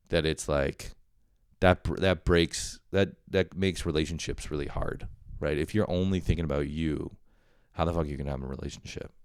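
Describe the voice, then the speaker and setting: A man's voice: rumbling low, creaky, a little mellow, clean tone, no room sound, clean studio sound. A young man hosting a podcast, talking in a rambling, profane, self-deprecating way and often laughing. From Canada. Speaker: podcast host. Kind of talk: casual solo podcast monologue.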